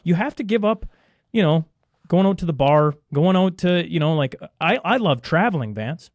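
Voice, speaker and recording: Emphatic man, higher-pitched voice. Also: expressive, moderate pace, dry recording. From Canada. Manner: emphatic, ranting, answers his own rhetorical questions. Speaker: podcast guest. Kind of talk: casual conversational interview.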